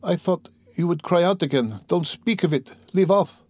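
A man voicing an anxious, distressed young woman who pleads softly. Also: high-pitched, moderate pace, dry recording, voice pushed up.

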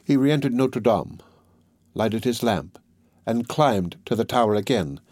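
A male audiobook narrator with a mid-range voice reads in a measured, steady storytelling manner. The sound is close and dry, with no room echo at all. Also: mid-range voice. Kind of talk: scripted narration.

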